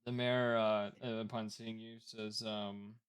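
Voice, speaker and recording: A man's voice: on the low side, little pitch movement, measured pace, clean tone. A man narrating as game master in a live tabletop game, describing scenes loosely with many ums and kindas.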